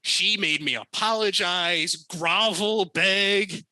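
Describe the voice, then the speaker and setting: A middle-aged American man tells casual stories as a guest on a podcast, laughing as he goes. His voice is very bright and sits a little high. The recording is close and dry. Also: slow, no room sound, low-quality recording. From United States. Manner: animated, laughing storyteller. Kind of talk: casual storytelling.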